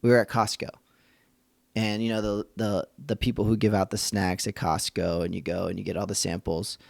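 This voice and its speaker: A man's voice: on the low side, flat delivery, moderate pace, vocal fry, no echo, studio quality. A man hosting a faith-based parenting podcast, talking earnestly in a conversational, thinking-aloud way. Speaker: podcast host and father.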